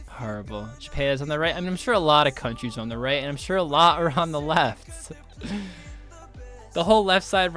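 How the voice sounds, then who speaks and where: A young American man in his twenties talks in a mid-range, fairly bright voice on a casual game stream. Loose and profane, he reads viewers' chat aloud and riffs on it.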